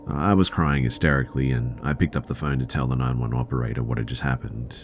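A man with an extremely deep, low voice narrates a tense first-person story. His delivery is measured and steady, with a faint hiss beneath it.

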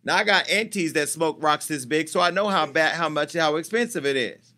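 A man hosting a gossip show with a brash, profane delivery. His voice sits a little high and has a sharp, forceful edge. He talks in a casual, teasing way, as if chatting with people in the room. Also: a little fast. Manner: brash, profane and teasing, talking to off-camera staff. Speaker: host of a celebrity gossip show.

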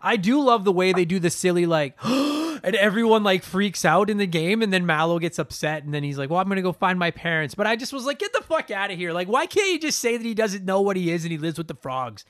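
A young man co-hosting a podcast, ranting in an animated, profane, casual way. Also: sits high, fairly quick, hardly any pauses, dry recording, clean studio sound. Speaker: podcast co-host. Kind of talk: casual chat.

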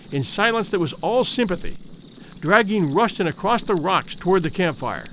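A man narrating a story, his voice sitting high and ranging widely as he reads. His delivery is measured and vivid, leaning into the drama of each line. It is a classic storybook reading. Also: fairly bright tone, a little hiss or hum. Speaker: audiobook narrator.

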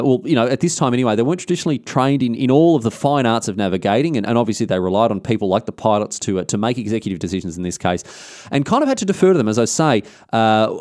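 A man's voice: medium pitch, a little mellow, no room sound, clean studio sound. A man with an Australian accent telling a history story in a casual, irreverent, slangy way. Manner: irreverent and slangy, quick to joke.

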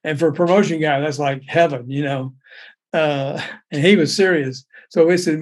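An older man tells a story in a loose, rambling way, often restarting sentences and breaking into laughter. His voice sits a little high for a man. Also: moderate pace. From raised in Memphis. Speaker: storyteller guest. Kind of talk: casual anecdote telling.

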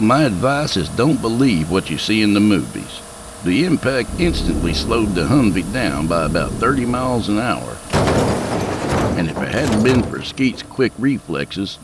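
Deep-ish man narrating a folksy tale. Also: sing-song, measured pace, very noisy. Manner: dry storytelling with folksy humor. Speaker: narrator and host. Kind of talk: scripted narration.

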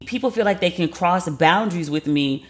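A woman's voice: on the low side, normal speed. A woman talking straight into the mic in a loose, unscripted monologue. She is frank and swears freely. She breaks into little acted quotes of what she and others said. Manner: candid, profane, animated storytelling with quoted asides. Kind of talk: casual storytelling monologue.

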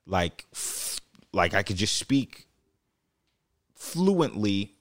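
A man's voice: on the low side, no room sound, studio quality. A man, not a native English speaker, co-hosting a podcast and telling stories in casual chat. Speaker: podcast co-host.

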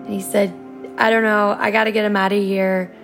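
Woman interviewee, gravelly low-key delivery, halting retelling, soft music under. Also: level tone. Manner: halting retelling with many fillers. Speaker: bereaved wife interviewed. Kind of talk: recounted interview testimony.

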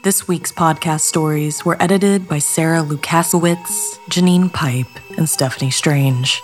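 A woman podcast host reading the credits and sign-off in a slow, hushed, whispery manner. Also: low-pitched. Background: music.

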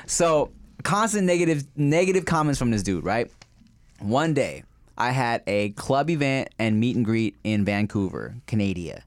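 A man co-hosting a podcast, telling animated stories in casual chat. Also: mid-range voice, moderate pace, no room sound, studio quality. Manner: animated storyteller, frequent listening murmurs. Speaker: podcast co-host.

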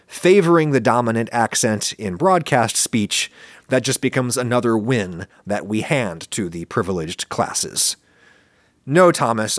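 A man from central Pennsylvania with a general northern US accent hosts a show answering viewer questions, delivering a wry, opinionated explanatory monologue. His voice is mid-range, and the sound is clean studio audio with no echo.

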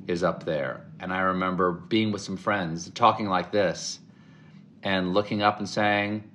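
Man, middle-aged, from the American South, lowish voice, interview guest, animated storytelling. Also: a little hiss or hum. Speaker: interview guest, comedic actor.

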